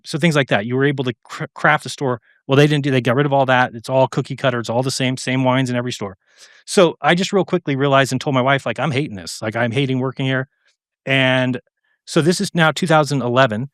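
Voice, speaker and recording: Fast-talking man telling a story. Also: medium pitch, dry recording, clean studio sound. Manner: animated, acts out quoted exchanges, frequent fillers and restarts. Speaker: interview guest. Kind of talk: storytelling in a casual interview.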